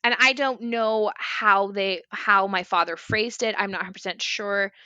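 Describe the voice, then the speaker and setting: A woman guest on a podcast telling a personal story in a candid, expressive way, often saying "like". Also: mid-range voice, unhurried, no echo, muffled recording. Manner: candid, expressive, fills speech with "like".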